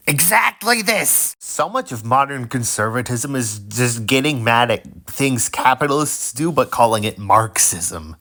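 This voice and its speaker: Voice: medium pitch, fairly bright tone. A video creator casually reading social media posts aloud with amused, wry asides.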